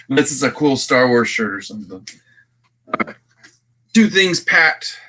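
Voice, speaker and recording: A Texan man with a bright, forward voice runs a casual livestream. He chats loosely, greets viewers by name and talks to the chat while he works. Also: medium pitch, moderate pace. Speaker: livestream host.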